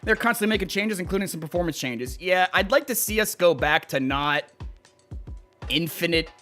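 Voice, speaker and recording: A man's voice: high voice, animated, moderate pace, pushed and bright, faint music behind. A young man livestreaming, chatting casually and rambling, swearing freely as he reacts to clips and reads chat. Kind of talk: casual live-stream chat.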